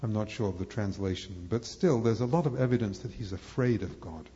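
A man's voice: lowish voice, fairly quick, mellow. A man giving a live lecture to an audience, rambling and hesitant, with many fillers and restarts. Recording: echoey hall, dull lo-fi sound.

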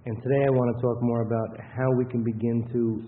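A man's voice: mid-range voice, flat delivery, brisk. A man giving a lecture with anecdotes in a rambling, conversational way, often restarting his sentences. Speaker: workshop lecturer. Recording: tinny phone-like sound with faint hiss.

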